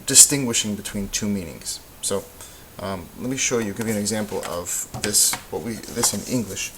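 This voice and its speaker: Low-voiced man explaining grammar. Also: normal speed. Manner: relaxed explaining with many ums and uhs. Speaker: Spanish teacher. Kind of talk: recorded lesson voice-over. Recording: faint hiss.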